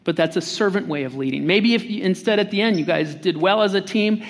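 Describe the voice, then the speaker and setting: Man, pastor, high voice, conversational sermon, playful acted-out quotes, large hall with long reverb. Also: a little fast. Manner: conversational and humorous, acts out quotes.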